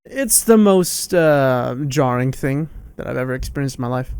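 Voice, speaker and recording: A man's voice: mid-range voice, expressive, normal speed, a little mellow, clean tone, dry recording, clean studio sound. A young man in his twenties hosting a casual podcast chat, upbeat and chatty. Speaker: podcast host.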